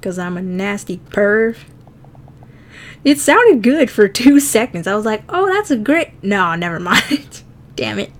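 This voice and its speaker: A woman's voice: mid-range voice, animated, unhurried. A woman streaming herself drawing, chatting casually, laughing often and swearing freely as she teases herself. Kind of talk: casual chat while drawing.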